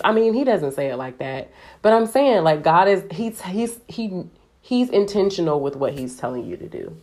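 A woman with a low voice teaching from the Bible in a relaxed, conversational way. She talks animatedly, sprinkling her speech with "like". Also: moderate pace. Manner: chatty, animated, heavy use of "like". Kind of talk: casual devotional teaching.

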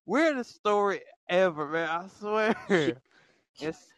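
A man's voice: high voice, expressive, slow, fairly bright tone, clear, resonant tone, no echo, studio quality. A young man in casual voice chat, talking in slang and laughing through his words. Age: young adult. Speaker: chat room participant.

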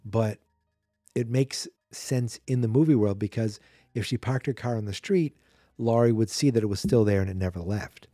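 A man's voice: fairly low pitch, normal speed, mellow, dry recording, clean studio sound, faint music behind. A man hosting a podcast, casually recapping a horror movie in a chatty, sarcastic way and acting out the characters' lines. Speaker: podcast host.

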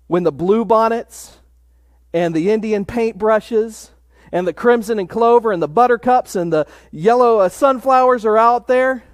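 A middle-aged man preaching a sermon, stressing key phrases by slowing right down. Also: high-pitched, no echo, studio quality. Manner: emphatic, slows down on key phrases. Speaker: pastor.

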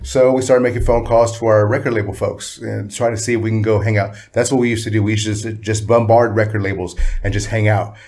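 A man telling a story as a guest in a casual conversation, lively and full of swearing. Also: lowish voice, quick pace, few pauses. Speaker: music producer guest.

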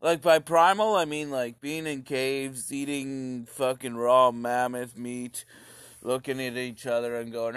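Slow-talking man rambling crudely. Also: mid-range voice, fairly even intonation, fairly bright tone, clear, resonant tone, no room sound. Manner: crude, meandering, with grunted caveman noises. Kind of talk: rambling comic monologue.

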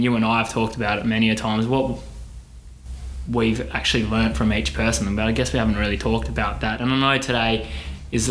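A man's voice: medium pitch, fairly bright tone, a little hiss or hum. Teasing man, echoey room. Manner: teasing, laughs often. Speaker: podcast co-host. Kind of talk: casual podcast chat. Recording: roomy echo.

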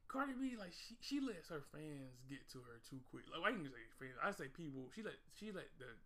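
Fast-talking animated man. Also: fairly high pitch. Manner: animated, slangy storytelling with mimicked quotes. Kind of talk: casual chat.

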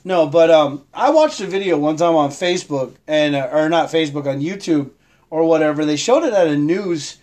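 A man's voice: fairly high pitch, lively intonation, normal speed, a little mellow. A man hosting a casual live stream, rambling about holidays and shopping, greeting viewers by name and laughing often. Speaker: livestream host.

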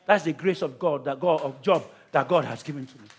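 A man preaching as pastor at a church service, calling out to the congregation with repeated phrases, then shouting prayers. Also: a little high, brisk, breathy edge. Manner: repetitive, calls out to the congregation. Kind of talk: sermon and prayer.

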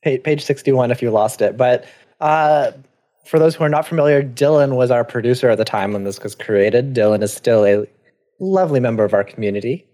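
A man's voice: mid-range voice, a little fast, mellow. A man hosting a live stream, chatting casually and thanking viewers with lots of fillers. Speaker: host of a live stream show.

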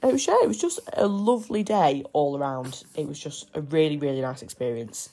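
A young woman telling a personal story on her podcast in a chatty, excitable way. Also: deep voice, a little fast. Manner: chatty, excitable, breaks off to coo at her baby. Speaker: podcast host. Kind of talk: casual storytelling.

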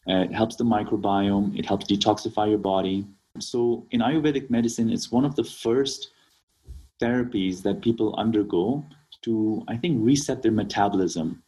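A man's voice: on the low side, warm tone, husky, rough recording. A man from Kenya, a naturopathic doctor, explaining remedies as an interview guest and often checking in with "right?". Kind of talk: casual interview talk.

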